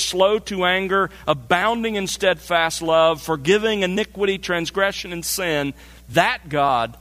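A man delivers a measured expository sermon, slowing deliberately to stress each key phrase. His voice sits a little higher than most men's. The sound carries a long reverb, as in a large church hall. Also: a bit bright. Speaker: pastor.

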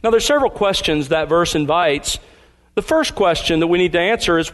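Guy preaching a sermon, kinda high voice, slows down and hits the big words hard. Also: fairly bright tone. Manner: emphatic preaching, slows and stresses key words. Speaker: pastor.

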